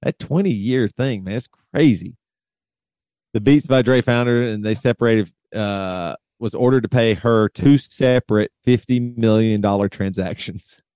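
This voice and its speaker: Low-voiced man reading news aloud casually. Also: dark tone, clean tone, no echo. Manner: reads figures aloud slowly, many fillers and restarts. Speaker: podcast co-host. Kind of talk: casual chat reading celebrity divorce news.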